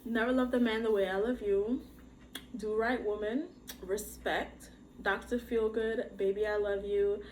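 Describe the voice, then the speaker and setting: Host-type woman, casual unboxing chatter, excitable, slow delivery, noisy home recording. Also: mid-range voice. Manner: excitable, gushing, exclaims often. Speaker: podcast host doing an unboxing. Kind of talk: casual unboxing chat to camera. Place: bedroom workstation at home.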